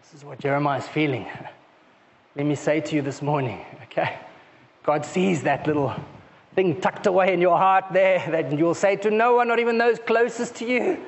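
A man preaching a sermon in a conversational way, often checking in with "okay?" and soft laughs, moving between raised emphatic lines and low intimate asides. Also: normal speed, creaky. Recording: muffled lo-fi sound with long hall reverb.

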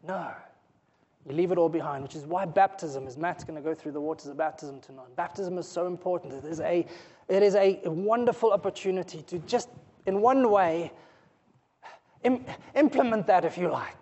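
High-voiced preacher guy in church, earnest, pleading, kinda muffled recording. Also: lively intonation, normal speed, pauses often, husky. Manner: earnest, pleading, with soft laughs and dropping to near whispers. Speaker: pastor. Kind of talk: sermon.

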